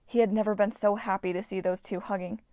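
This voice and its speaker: A woman's voice: quick pace, no room sound. Woman narrating an audiobook, dry sound. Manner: lively, voices characters with shouts. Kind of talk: audiobook narration with character voices. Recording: dry, low-quality home recording.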